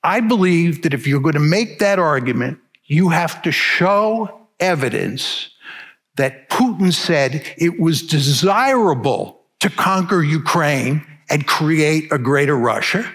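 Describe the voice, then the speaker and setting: A man's voice: fairly high pitch, animated, slow pace, fairly bright tone. Emphatic older man lecturing. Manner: emphatic, argumentative. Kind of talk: public lecture.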